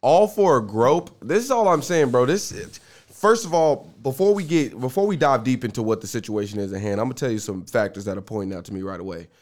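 A man hosting a casual podcast, loud and joking, swearing a lot and laughing often. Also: medium pitch, quick pace. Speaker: podcast host.

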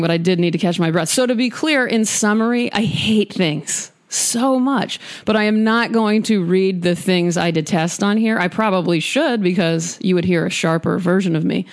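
This woman hosts a podcast from her studio, mixing frank, forceful, self-deprecating chat with readings of poems. She speaks at a medium pitch, and her tone is darkish, clear and resonant.

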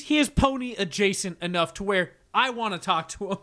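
A young man with a slightly raised voice recounts a story to his co-hosts, animated and quick to swear. He laughs often as he talks, in loose, casual podcast banter. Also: high voice. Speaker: podcast co-host.

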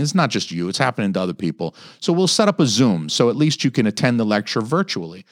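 A man in his thirties rants on his podcast, swearing freely and putting on higher voices to quote others. His voice sits at a middling pitch and sounds dry and close to the mic. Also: moderate pace, dry recording. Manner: animated, heavy swearing, mock-quoting others in raised pitch. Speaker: podcast host. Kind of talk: casual profane podcast rant.

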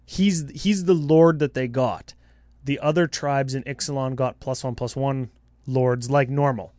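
A man co-hosting a casual podcast, talking card-game strategy in an animated way with quick jokes. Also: medium pitch, no echo. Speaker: podcast co-host.

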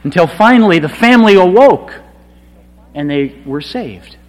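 A man preaching a sermon, with a dramatic delivery that swings from hushed passages to loud, emphatic cries. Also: sits high, expressive. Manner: slow, dramatic delivery swinging from quiet to shouted. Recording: long hall reverb.

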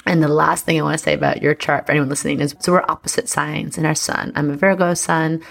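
A woman's voice: deep voice, level tone, fast, vocal fry. A woman chatting casually and playfully with many fillers as an astrologer reading her business partner's chart. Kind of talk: casual chat.

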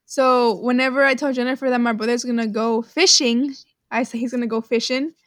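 A young woman from Texas with a Texan accent, co-hosting a laid-back podcast. She talks in a giggly, bubbly way, full of likes and ums, her voice sitting high. The sound is dry and close, with no room echo. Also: steady tone, brisk. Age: young adult. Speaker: podcast co-host. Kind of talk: casual chat.

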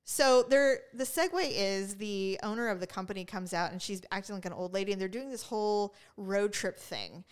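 This middle-aged woman co-hosts a podcast, her mid-range voice clean and her pace normal with hardly any pauses. Chatting casually, she tells stories animatedly, performs what others said, and laughs a great deal.

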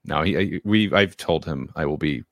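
A man's voice: rumbling low, normal speed, creaky, no room sound, clean studio sound. A man co-hosting a hockey podcast, talking casually and animatedly, swearing and laughing often. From French Canadian heritage. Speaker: podcast co-host. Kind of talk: casual sports chat.

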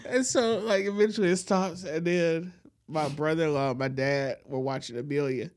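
A man with a somewhat high voice chats loosely on a podcast. He spins a rambling, profane story, laughing along the way. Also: steady tone, normal speed. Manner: laid-back, profane, laughs often while telling stories. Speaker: podcast host. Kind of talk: casual storytelling chat.

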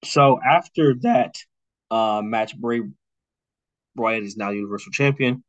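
Here a young man, one of a podcast's co-hosts, offers a filler-heavy, rambling recap of a storyline and pitches how he'd rewrite it, slipping in fast wrestler impressions. His voice is mid-range. The recording is dry, with the highs cut off.

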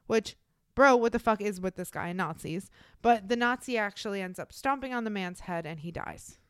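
A young woman retells a true-crime story on her podcast in a loose, chatty way. She swears bluntly and fills her talk with "like". Her voice is clear and smooth, and the recording is close and dry. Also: medium pitch, moderate pace, dry recording. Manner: blunt and profane, many fillers like "like". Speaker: podcast co-host.

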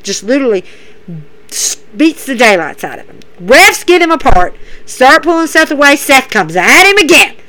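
A woman with a high-sitting voice hosts a podcast, giving an animated, chatty play-by-play recap in casual commentary style and repeating herself. The recording is rough.

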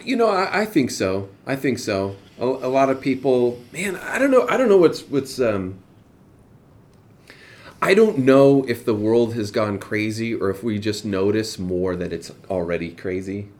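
A man's voice: medium pitch, very animated, measured pace, a little mellow. A man hosting a casual podcast conversation, easygoing and agreeable, laughing along. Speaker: podcast host.

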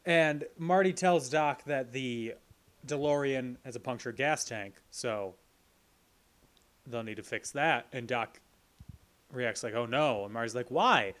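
A man's voice: medium pitch, measured pace, long pauses, fairly bright tone. A man co-hosting a podcast, recapping a movie plot in casual chat with playful jokes. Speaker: podcast co-host.

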